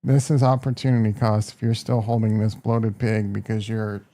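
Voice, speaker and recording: A man's voice: on the low side, level tone, normal speed, mellow. A man with a Midwestern American accent hosting a casual live stock market stream, brash and joking as he reacts to prices and talks to his chat. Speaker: market livestream host.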